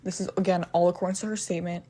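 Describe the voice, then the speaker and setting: A woman's voice: lowish voice, steady tone, rapid-fire, mellow. A woman retelling a true crime case in a casual way. She keeps stumbling and restarting, and she breaks in with blunt, profane asides. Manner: hesitant, with frequent restarts and "um".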